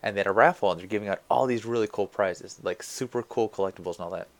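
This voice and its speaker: Low-voiced man telling stories. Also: quick pace. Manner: animated storyteller, dry jokes. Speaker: podcast co-host. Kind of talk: casual chat.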